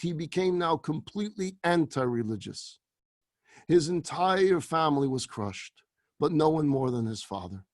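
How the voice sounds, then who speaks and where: A middle-aged man, a rabbi, telling a story in a lecture, animated and acting out the dialogue. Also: mid-range voice, no room sound.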